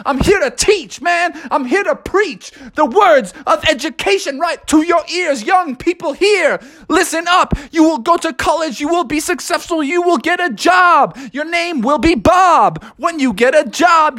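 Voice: medium pitch, pitched above the performer's own voice, exaggerated voice. A storyteller voicing a strict, showy male schoolteacher who scolds and raps in rhyme in a children's storybook. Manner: rhyming, bossy, bursts into shouts. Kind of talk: children's storybook read-aloud.

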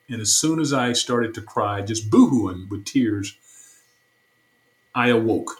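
Earnest low-voiced man with a drawl. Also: animated, slow pace, rough recording. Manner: earnest, repetitive storytelling. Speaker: stake president, interview guest. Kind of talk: personal testimony in an interview.

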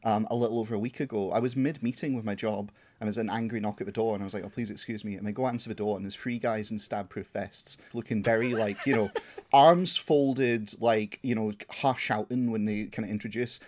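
A man's voice: lowish voice, steady tone, a little fast, darkish tone. A man co-hosting a podcast, telling a story in casual chat, laughing and swearing as he goes. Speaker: podcast co-host.

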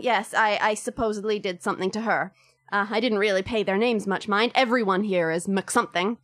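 A woman's voice: fairly high pitch, fairly bright tone, no echo. A woman voicing a young Irish woman jailed as a witch, wry and a little grim, in a tabletop game.

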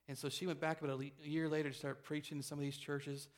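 A man preaching a sermon, telling a story in a quick, animated way with frequent restarts. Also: fairly high pitch.

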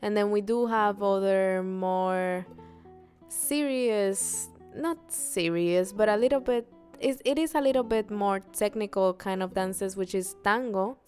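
A woman's voice: medium pitch, unhurried, soft background music. Brief: female podcast co-host, easygoing and chatty. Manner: relaxed, laughs easily, counts steps out. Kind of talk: casual chat about dancing.

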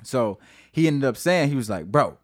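Guesting on a podcast, this St. Louis singer-songwriter recounts his story in a loose, lively way, laughing, cursing and using lots of fillers. He speaks at a moderate pace in a mid-range voice.

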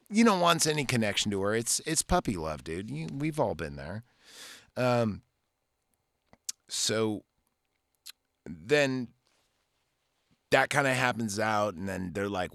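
A podcast host in his forties gives a casual movie recap that rambles, swears a lot and is packed with filler words. His voice is fairly low in pitch with a fairly bright tone. The studio-quality recording has no room sound.

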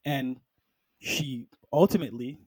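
A man in casual film talk, animated and chatty, often dropping into short impressions of characters. His voice sits in a middle register. It sounds dry and close, with little room around it. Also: medium pitch, measured pace, slightly rough, dry recording. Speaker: podcast co-host.

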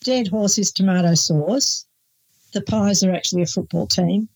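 A woman's voice: medium pitch, moderate pace, darkish tone, poor audio. An older Australian woman co-hosting a casual chat, explaining slang and telling travel anecdotes. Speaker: podcast co-host.

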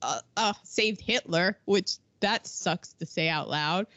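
A woman's voice: lowish voice, takes it slowly, a bit bright, dry recording. A woman co-hosting a casual chat, talking in a chatty, rambling way with frequent restarts. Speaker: podcast co-host. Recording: dull lo-fi recording.

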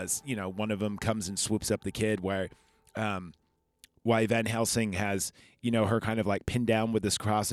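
A man hosting a podcast, recapping a movie in a rambling, chatty way and swearing freely. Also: on the low side. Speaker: podcast host. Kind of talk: casual film review.

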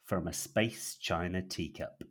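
A man's voice: low-pitched, measured pace, fairly bright tone, slightly rough. A man co-hosting a comedy podcast, reading out his own comic sketch and laughing through it. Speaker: podcast co-host.

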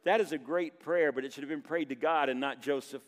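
A man preaching a sermon as pastor, reading scripture and pausing for emphasis. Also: a little high, big-room sound. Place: church sanctuary.

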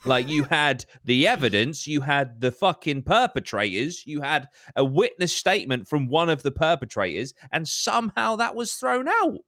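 A man's voice: fairly high pitch, very animated, normal speed, hardly any pauses, sharp tone, no room sound, studio quality. A man, hosting a podcast and telling a story in casual chat, swearing heavily and ranting with animation. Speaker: podcast host.

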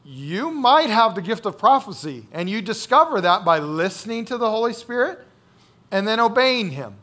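Male pastor, high voice, conversational sermon delivery, repeats lines for emphasis. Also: big pitch swings, normal speed, sharp tone. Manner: conversational, checks in with "right?" and "okay?"; repeats key phrases for emphasis.

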